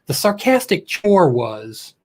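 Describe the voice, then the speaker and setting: A man's voice: on the high side, very animated, takes it slowly. A middle-aged man hosting a casual live stream, chatty and upbeat, teasing his viewers.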